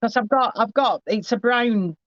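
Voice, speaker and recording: A man, giving a chatty, halting psychic reading to a sitter, often restarting his phrases. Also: very high voice, a bit bright, dry recording. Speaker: psychic medium. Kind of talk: live spirit reading to a sitter. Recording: slightly dull, dry recording.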